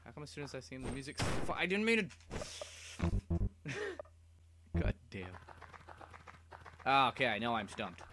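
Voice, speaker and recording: A man's voice: medium pitch, huge pitch swings, slow, long pauses. A young man giving casual, rambling gameplay commentary full of swearing and mumbled asides. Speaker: let's play gamer. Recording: game music loud behind voice. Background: game music.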